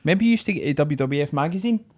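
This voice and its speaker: A man's voice: on the high side, lively intonation, very fast, crowd noise. A Scottish man in his thirties co-hosting a podcast, asking questions in sweary, laddish banter. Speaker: podcast co-host. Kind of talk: casual chat.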